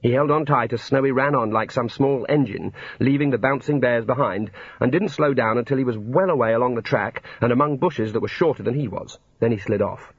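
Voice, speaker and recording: A man's voice: medium pitch, brisk, few pauses, slightly rough, dry recording. A man narrating a comic fantasy novel in a dry storytelling manner. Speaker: audiobook narrator. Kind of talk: scripted narration. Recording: dull lo-fi recording.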